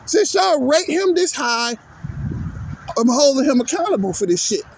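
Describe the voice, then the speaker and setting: A man's voice: very high-pitched, sing-song, normal speed, gravelly, a little hiss or hum. A man hosting his own sports channel, delivering a heated, profane, repetitive rant at his viewers. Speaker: sports vlogger. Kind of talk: angry ranting monologue.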